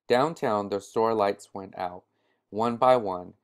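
A man with a low voice reads a short story aloud at a measured pace. He now and then stumbles and restarts a word, then carries on steadily. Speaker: reader.

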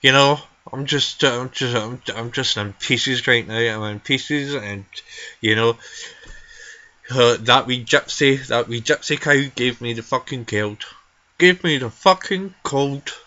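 A man's voice: medium pitch, fairly even intonation, a little slow, bright, forceful tone. A man voicing a foul-mouthed, furious Scottish granny in her eighties, ranting and swearing nonstop in a comedy vlog. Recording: dull lo-fi home recording.

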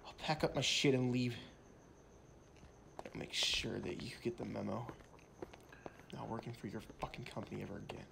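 A man's voice: mid-range voice, normal speed, creaky, long pauses, fairly bright tone, slight background noise. A man voicing an angry office worker who was just fired, swearing and stumbling over his words. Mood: upset. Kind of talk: amateur game-video voice acting.

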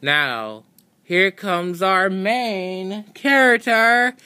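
A woman's voice: mid-range voice, drawn-out words, sharp tone, clean tone, dry recording. A woman hosting a homemade toy video, announcing like a playful showman.

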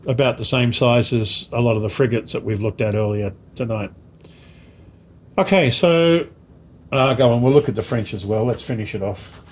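A man casually showing off a parcel of model ships to camera, rambling slowly with many ums and asides. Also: medium pitch. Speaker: wargaming hobby vlogger. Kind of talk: casual unboxing chat to camera.

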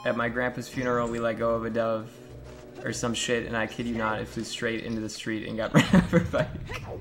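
A man's voice: mid-range voice, level tone, a little fast, music in the background. A man streaming a game live, joking crudely with his chat and swearing often. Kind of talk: live-stream gameplay commentary.

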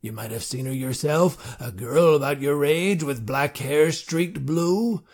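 A man voicing a tall, old cowboy marshal with a dry, grumbly, low drawling voice. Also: measured pace, darkish tone. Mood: gruff.

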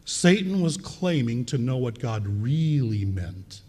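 Male preacher, husky, lively intonation, emphatic repetition of key words. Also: mid-range voice, slow, hardly any pauses, in a large hall. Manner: reads scripture aloud and repeats key words for emphasis. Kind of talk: sermon. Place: church.

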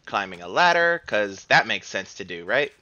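A young man gives casual, rambling commentary while he plays a game, full of jokes and self-deprecating asides. His voice is very bright and forward, recorded close on a desk mic. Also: fairly low pitch, very animated, moderate pace, muffled recording. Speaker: streamer playing a game. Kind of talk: casual let's-play commentary.

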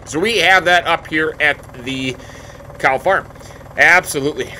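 A man's voice: on the high side, unhurried, a little hiss or hum. A man giving casual gameplay commentary as a folksy, hammy farmer character full of exclamations. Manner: folksy, hammy farmer persona with stock catchphrases; animated, exclaiming. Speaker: let's play host.

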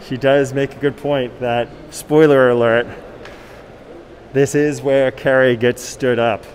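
Chatty male tour guide, mid-pitched, phone mic while walking, faint street noise behind. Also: poor audio. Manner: chatty, reads viewer comments aloud. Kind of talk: live-streamed walking tour. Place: inside a library, then outdoors on a city street.

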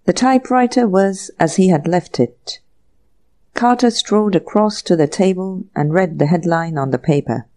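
A woman narrating a mystery audiobook in an even, measured storytelling manner. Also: on the low side. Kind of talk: scripted narration.

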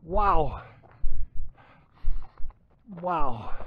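A man's voice: a little high, lively intonation, drawn-out words, highs cut off. A man in his seventies, out of breath and awestruck, narrating his travel vlog outdoors on a windy hilltop. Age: 70s. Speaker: travel vlogger.

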